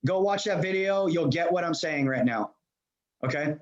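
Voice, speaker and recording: A man from Los Angeles giving an energetic motivational seminar talk as a leadership coach, speaking directly to his audience. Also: on the high side, normal speed, muffled recording. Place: remote presentation to a live room. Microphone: video call.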